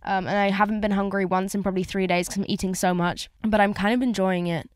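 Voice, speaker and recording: A woman's voice: medium pitch, level tone, fast, clear, resonant tone, dry recording, studio quality. A woman hosting a casual solo podcast from inside her car, rambling candidly with lots of swearing and filler words. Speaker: podcast host.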